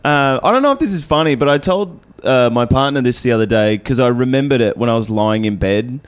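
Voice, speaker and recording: A man's voice: medium pitch, animated, brisk, clean tone. A man, a guest comedian, telling a story in a laid-back, wry way during a casual chat.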